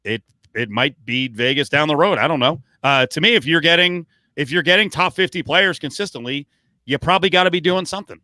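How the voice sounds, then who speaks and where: A man's voice: a little high, fairly quick, bright, forceful tone, dry recording. A man co-hosting a podcast, rambling through casual sports talk with lots of fillers, restarts and swearing. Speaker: podcast co-host.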